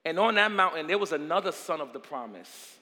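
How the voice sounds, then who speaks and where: A man preaching a sermon with drama, repeating phrases and swinging from hushed words to shouting. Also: a little high, animated, fairly quick, long reverb tail.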